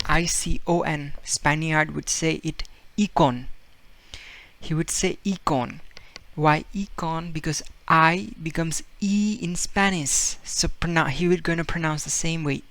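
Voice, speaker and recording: Gravelly-voiced man teaching a lesson. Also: fairly high pitch, fairly even intonation, unhurried, few pauses, a bit bright. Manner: explains with repetition and fillers, acts out example words. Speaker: Spanish teacher. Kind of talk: casual video lesson.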